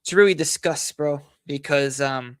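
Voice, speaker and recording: A man hosting a football analysis livestream, hoarse from losing his voice, talking in a frustrated, rambling way full of fillers and repeated phrases. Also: on the high side, unhurried, fairly bright tone, no echo, studio quality. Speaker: football channel host.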